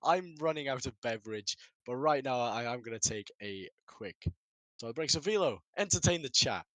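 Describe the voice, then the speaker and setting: A man's voice: mid-range voice, expressive, normal speed, fairly bright tone, dry recording, poor audio. A man casting a live esports stream, rambling and laughing at himself. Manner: rambling, self-mocking, laughs often. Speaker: esports caster.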